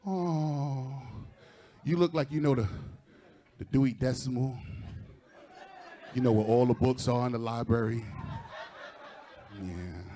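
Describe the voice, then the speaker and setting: A man with a warm, medium-pitched voice takes his time and pauses often as he does stand-up crowd work in front of a live audience. He teases people, chats with them directly, and laughs at his own jokes.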